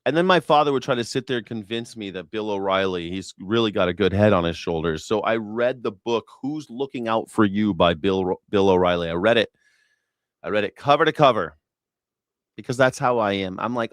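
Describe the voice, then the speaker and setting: A man's voice: fairly low pitch, a little fast, no echo. A man hosting a show, telling stories in a loose, profane, laughing comedic rant. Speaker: show host.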